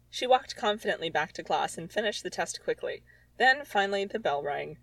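A woman's voice: lowish voice, expressive, fairly quick, a bit bright, dry recording, poor audio. A woman reading her own childhood story aloud, with sarcastic, exasperated comic asides. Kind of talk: comedic reading with commentary.

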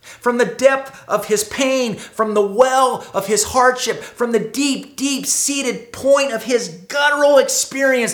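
A pastor preaching a sermon, shifting between loud emphatic moments and quiet hushed ones, and repeating words for emphasis. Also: medium pitch, slow, reverberant. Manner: dramatic, swings from loud to hushed. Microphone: streamed service mic.

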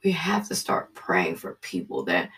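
A Bible study leader reading scripture and telling a personal testimony, earnest and halting, dropping to a hushed voice. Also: deep voice, wildly swooping pitch, recorded from a distance.

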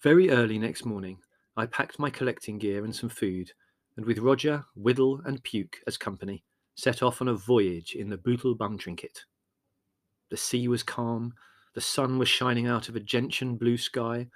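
In a medium-pitched voice, a man tells a scripted audiobook story with measured, expressive delivery. It's a dry, studio-quality recording.

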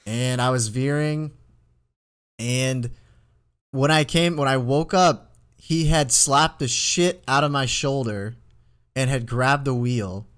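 A man's voice: medium pitch, slow, long pauses, fairly bright tone, clear, resonant tone. A young man in his twenties, co-hosting a podcast and telling a rambling story full of fillers in casual chat. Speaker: podcast co-host.

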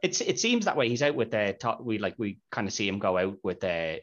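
A man's voice: fairly low pitch, sing-song, brisk, fairly bright tone. A man hosting a podcast, chatting casually about a film and retelling scenes with quoted lines. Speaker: podcast host. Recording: dull lo-fi podcast audio.

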